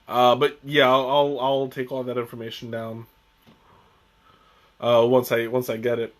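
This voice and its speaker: A man hosting a casual live-stream tea tasting, chatty and joking, who talks haltingly with many restarts and fillers. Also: mid-range voice, completely flat delivery. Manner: chatty and joking, often chuckling.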